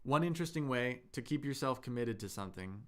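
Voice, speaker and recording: Male language tutor live-streaming, friendly and conversational, answers chat and models pronunciation slowly. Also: mid-range voice, lively intonation. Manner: upbeat, chatty, slows down to model tones; reads viewer comments aloud and answers them. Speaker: Chinese teacher and livestream host.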